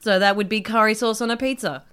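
A woman's voice: mid-range voice, fairly even intonation, quick pace, fairly bright tone, clean tone. A woman with an Australian accent telling anecdotes in a casual, chatty conversation. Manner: chatty, anecdotal, laughing often. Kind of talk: casual chat.

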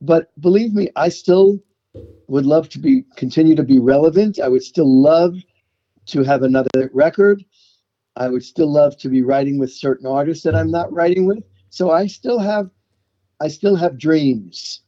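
A man's voice: on the high side, moderate pace, mellow, dull audio. A middle-aged to older man with a New York accent, telling stories from his life in a chatty interview, often repeating words as he starts a thought. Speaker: songwriter guest. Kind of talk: interview conversation.

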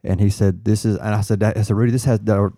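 A man recounts a personal story in casual conversation, earnest and halting, often restarting his sentences. His voice sits on the low side, and the recording is dry with almost no room sound. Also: steady tone, dark tone, dry recording. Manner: earnest, halting with restarts, quotes others in dialogue. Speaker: firefighter guest.

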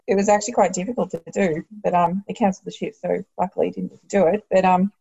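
A woman nurse chatting casually and explaining her work in a relaxed way. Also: fairly low pitch, fairly quick, breathy edge, lo-fi sound. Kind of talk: casual chat.

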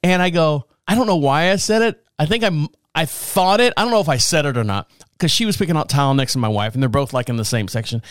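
A man's voice: fairly high pitch, lively intonation, quick pace, clean tone, no room sound, studio quality. Rambling, wry male podcast host. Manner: rambling, wry, chuckling asides. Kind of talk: casual comic storytelling monologue.

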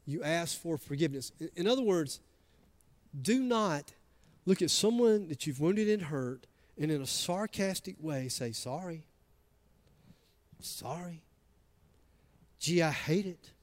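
High-voiced pastor preaching conversationally. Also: male voice, animated, moderate pace. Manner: conversational, emphatic, acts out quoted voices. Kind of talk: sermon. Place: church sanctuary.

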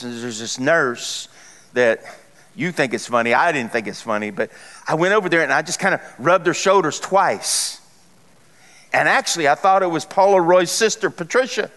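High-voiced preacher man in a reverberant hall. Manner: conversational storytelling preacher, animated. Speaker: pastor. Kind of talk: sermon.

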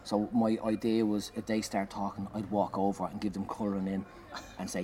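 Man, comedian, animated storytelling, low voice, noisy background. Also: fairly quick. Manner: animated, swearing, loud acted-out bursts. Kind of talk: storytelling anecdote in conversation.

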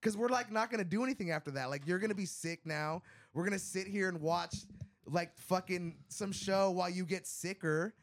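A man's voice: sits high, fairly quick. A man on a casual podcast, telling a long story in a rambling, profane way, full of "like" and "bro". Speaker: podcast co-host. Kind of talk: casual chat.

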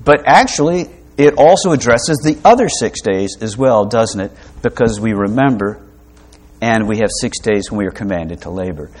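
A man's voice: fairly low pitch, animated, normal speed, darkish tone. Man preaching in a conversational teaching tone. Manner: conversational teaching with asides and humor; frequent fillers and restarts, rhetorical questions. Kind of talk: sermon.

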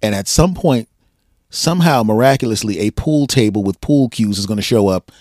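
A man hosting a podcast interview, talking in a laid-back way with frequent chuckles and pauses. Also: on the low side, expressive, a little mellow, no echo, studio quality. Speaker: podcast host. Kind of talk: casual interview chat.

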